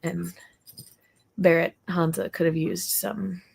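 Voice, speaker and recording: Slow-talking woman chatting on a livestream. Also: lowish voice, little pitch movement, gravelly, darkish tone, husky. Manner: chatty and rambling, talking to her dog in between. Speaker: livestream host. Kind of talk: casual livestream chat with viewers. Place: home.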